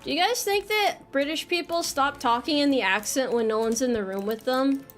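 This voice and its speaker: Bright and high-voiced, a young American woman plays a game on stream, quick to joke as she teases herself and answers chat by reading messages aloud. Faint music runs behind her loose, playful talk.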